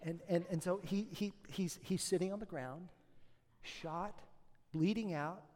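High-voiced preacher in a reverberant hall. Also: male voice, a little slow. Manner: swings from hushed storytelling to loud preaching. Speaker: pastor. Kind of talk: sermon.

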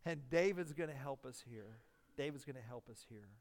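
A male pastor preaching a sermon to his congregation. He talks emphatically, repeats his key phrases, and swings between hushed and loud delivery. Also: mid-range voice, animated, a little fast. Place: church sanctuary. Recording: long reverb of a large hall.

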